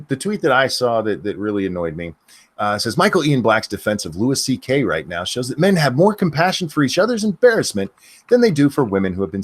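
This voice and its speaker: A man hosting a casual podcast, his voice swinging up and down in pitch as he rambles through the news. He swears freely and talks in loose, rambling runs. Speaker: podcast host. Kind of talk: casual chat, news commentary.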